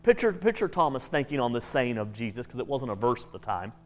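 A man's voice: medium pitch, very animated, fast. A man preaching a sermon in a conversational way, often restarting his words.

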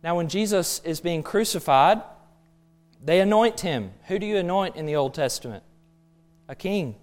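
A man's voice: high-pitched, animated, moderate pace. A man preaching a sermon, emphatic and full of rhetorical questions.

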